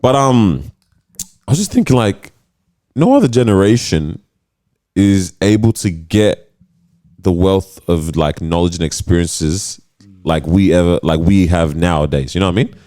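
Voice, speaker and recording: A man co-hosting a podcast, talking in a laid-back, slangy way and musing slowly in casual chat. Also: low voice, expressive, mellow. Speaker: podcast co-host.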